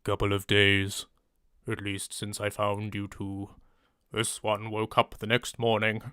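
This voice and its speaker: A man puts on a gallant male centaur in an audiobook, speaking low and warm with just a touch of a Northern English accent. He drops a few consonants and sounds easygoing, with a deeper pitch than an everyday voice. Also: monotone, a little slow, clean tone, dry recording, studio quality. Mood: gallant, friendly.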